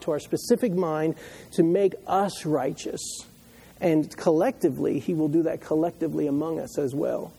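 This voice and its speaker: Husky-voiced male pastor preaching. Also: a little high, rough recording. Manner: builds from calm teaching to loud impassioned preaching. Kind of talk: sermon.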